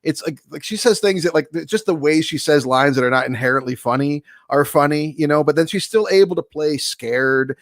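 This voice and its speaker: A man's voice: a little high, brisk, hardly any pauses, no echo, clean studio sound. A man co-hosting a film podcast, chatting casually and rambling with lots of swearing. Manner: rambling, swears often, acts out anecdotes. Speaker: podcast co-host.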